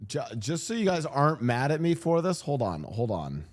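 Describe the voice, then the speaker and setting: Lively joking male streamer. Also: on the high side, moderate pace. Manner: rambling, joking, many restarts and fillers. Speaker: streamer reacting to clips. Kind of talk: casual reaction commentary.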